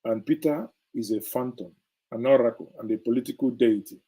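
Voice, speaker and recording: Indignant man with a dark, husky voice. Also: medium pitch, brisk, poor audio. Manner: indignant, emphatic, sarcastic. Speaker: commentary host. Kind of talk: opinionated political commentary.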